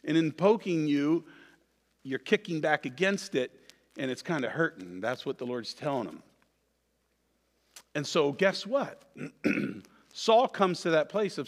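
Lively, high-voiced man preaching. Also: measured pace, long reverb tail. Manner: animated, conversational preaching with frequent asides. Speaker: pastor. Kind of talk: sermon.

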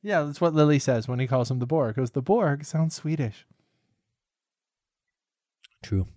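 A man's voice: medium pitch, measured pace, a little mellow, dry recording, studio quality. A young man co-hosting a podcast, joking around and making silly "meh" noises in casual chat. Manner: goofy, keeps making a silly bleating "meh" sound. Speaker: podcast co-host.

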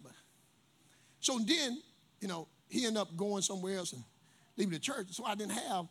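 A man's voice: high voice, brisk, gravelly, long pauses, husky. A male pastor preaching a sermon, telling stories and calling on the congregation to respond. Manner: animated preacher, storytelling with call-and-response.

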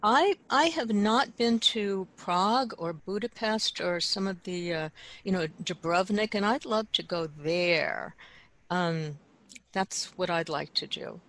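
Chatty woman co-host with a bright voice. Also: medium pitch, slow, poor audio. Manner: chatty, relaxed, with soft laughs and fillers. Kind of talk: casual chat.

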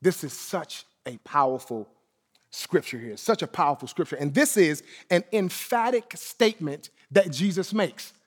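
A man preaching a sermon as pastor, emphatic and repeating key phrases, letting lines fall to soft, low endings. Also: animated, normal speed, breathy edge, big-room sound.

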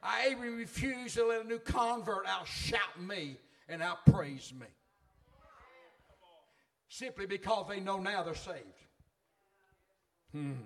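A man's voice: high-pitched, slow pace, long pauses, a bit bright. A middle-aged man preaching a sermon in a fervent, folksy way.

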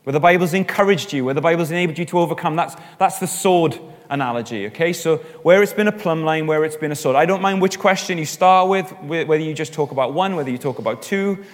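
Man, group leader in a church hall, chatty and encouraging, slightly high voice, long reverb. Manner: chatty and encouraging, with quick asides. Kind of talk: leading a church group discussion.

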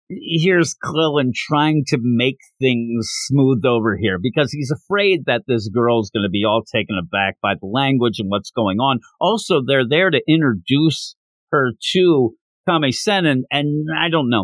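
A man's voice: medium pitch, dry recording. A male podcast host giving a casual, giggly recap of a comic chapter and acting out its dialogue. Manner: animated, giggly, acts out dialogue. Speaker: podcast host reviewing manga.

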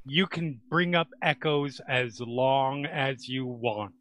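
A man's voice: medium pitch, takes it slowly, a bit bright. A man playing a tabletop game, chatting casually, calling out his rolls and explaining rules. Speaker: player.

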